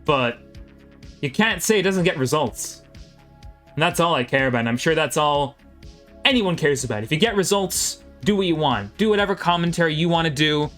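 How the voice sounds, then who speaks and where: Male commentator, slightly high voice, quick play-by-play, faint music behind. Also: animated, a bit bright. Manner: quick play-by-play, chatting with viewers between plays. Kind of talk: live game play-by-play commentary.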